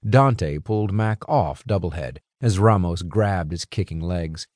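A man reads a fantasy audiobook in a low, lively voice that swings widely in pitch. He narrates dramatically and expressively. The studio sound is close and dry. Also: measured pace, dry recording. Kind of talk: scripted narration. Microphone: close studio mic.

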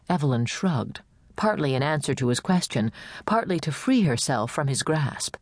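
Woman audiobook narrator, measured and even, low pitch. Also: no echo, studio quality. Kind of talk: scripted narration.

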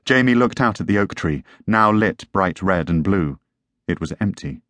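A man's voice: low-pitched, lively intonation, normal speed, a bit bright, no echo. A man narrating a tense story as an audiobook reader. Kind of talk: scripted narration.

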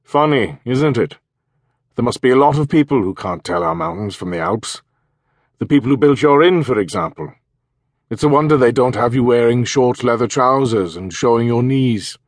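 A man's voice: mid-range voice, expressive, normal speed, dry recording, studio quality, pitched above the performer's own voice, natural voice. A man voicing a good-natured young village constable with a teasing manner. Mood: friendly.

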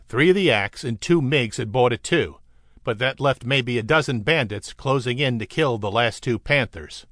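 A man narrating an adventure audiobook in a steady, vivid storytelling manner. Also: medium pitch, normal speed, no echo, studio quality. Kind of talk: scripted narration.

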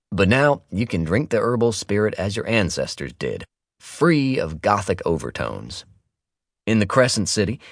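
A man narrating a nonfiction audiobook in a wry, expressive reading with playful asides, recorded close on a studio microphone. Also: deep voice, no room sound.

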